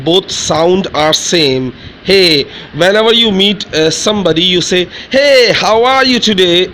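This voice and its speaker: A man teaching letter sounds in a lesson, repeating each one slowly and explaining in simple, halting English. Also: a little high, bright, forceful tone, slight background noise, poor audio. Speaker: Urdu teacher. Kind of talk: slow pronunciation lesson.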